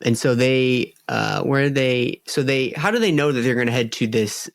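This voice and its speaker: Gravelly man, halting casual podcast talk. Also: mid-range voice, dry recording. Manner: halting, searches for words, restarts. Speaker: podcast co-host. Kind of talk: casual lore chat.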